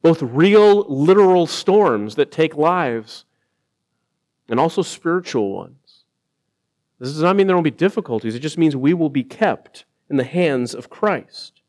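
A man preaching a sermon in an earnest way, slowing down to stress key lines and rising when he quotes others. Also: on the high side, animated, a little mellow. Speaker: pastor.

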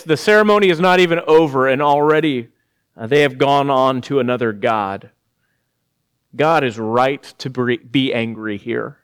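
A middle-aged pastor with a smooth, mid-range voice preaches a sermon at normal speed. He grows animated and worked up, rising to emphatic peaks, with a bit of laughter in between.

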